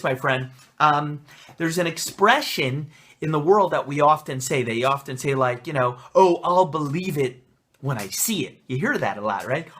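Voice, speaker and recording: A young male rabbi records an answer on his phone, talking fast-thinking and excited, full of encouragement. His voice sits a little high and rings with a bright, forward edge. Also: slight background noise. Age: young adult. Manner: energetic, enthusiastic and pep-talking. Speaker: rabbi and life coach. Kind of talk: casual self-recorded video answer. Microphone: phone camera.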